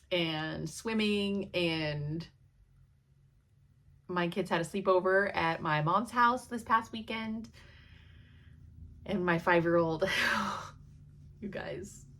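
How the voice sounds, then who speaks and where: Chatty, laughing woman vlogger, lower voice. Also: a bit bright. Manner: chatty, laughs often while storytelling. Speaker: cross-stitch vlogger. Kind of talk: casual chat.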